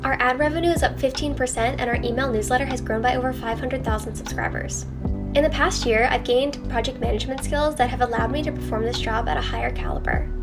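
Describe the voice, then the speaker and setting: Woman, office role-play skit, polite and hesitant, slightly high voice, music behind.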